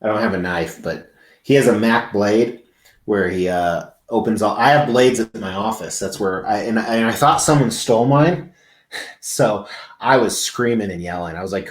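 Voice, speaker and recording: Chatting with his viewers from a big indoor convention venue, a livestream host with a fairly low voice talks at a moderate pace. The sound is roomy, and his talk is casual, rambling, and full of free swearing.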